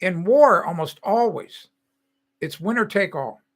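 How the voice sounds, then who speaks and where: A man's voice: high-pitched, animated, measured pace. An older man hosting a live stream, talking casually in a chatty, rambling and opinionated way, with frequent restarts. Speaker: host.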